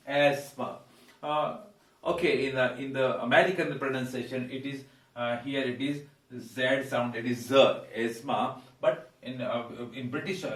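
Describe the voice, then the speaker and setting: A man's voice: medium pitch, recorded from a distance. Hesitant man teaching pronunciation. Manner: hesitant, many fillers, repeats words slowly. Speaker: English teacher. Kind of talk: pronunciation lesson. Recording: echoey room, voice away from mic.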